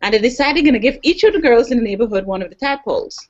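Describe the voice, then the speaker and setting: A woman guest on a panel, telling a story in a casual, animated way. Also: fairly high pitch, racing. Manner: animated, acts out quoted voices. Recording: dull online video call audio.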